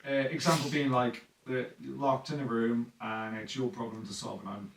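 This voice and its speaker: A man's voice: medium pitch, little pitch movement, normal speed, vocal fry, reverberant, far from the mic, poor audio. A man chatting casually on a podcast about running tabletop games, rambling with lots of fillers and acting out players' lines. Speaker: dungeon master guest.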